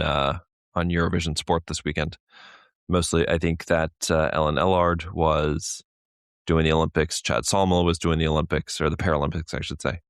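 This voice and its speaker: A man co-hosting a sports podcast in a casual, chatty way, laughing often and getting animated when telling a story. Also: deep voice, no room sound, studio quality. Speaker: podcast co-host. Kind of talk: casual chat.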